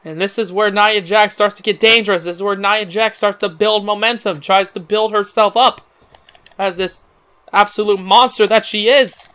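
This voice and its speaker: High bright excitable young male commentator. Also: normal speed, clean tone. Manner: excitable, with exclamations and chuckles. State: voice cracking. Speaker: amateur commentator. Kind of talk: play-by-play wrestling commentary.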